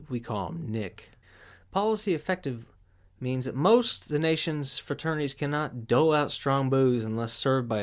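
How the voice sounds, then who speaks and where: A man hosting a podcast, reading news headlines aloud and riffing on them with crude, profane sarcasm. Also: mid-range voice. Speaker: podcast host. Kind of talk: casual news commentary.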